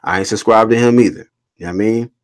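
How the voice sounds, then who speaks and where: A fast-talking man with a lowish voice runs a casual boxing livestream. He reads the chat aloud and shoots back blunt, animated, swear-filled rants in heavy slang.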